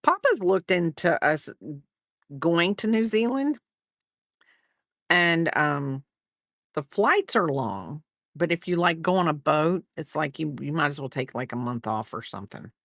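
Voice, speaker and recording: Animated and low-pitched with vocal fry, this middle-aged American woman from the United States speaks at a measured pace in a slightly bright voice. She's a livestream crafter who crochets while casually rambling and responding to viewers between stitches. The clean studio sound has no echo.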